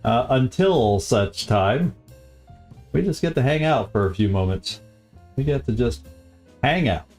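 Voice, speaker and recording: A man's voice: mid-range voice, animated, measured pace, long pauses, darkish tone, soft background music. A man hosting a live game stream, chatting casually and easily, often chuckling and repeating his phrases.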